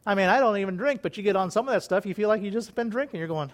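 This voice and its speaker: A middle-aged male preacher talks through an informal sermon with homespun stories. His voice sits high and moves all over the place. He laughs easily and slips into little acted-out voices. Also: rapid-fire, few pauses. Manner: folksy, animated, laughs often, acts out voices.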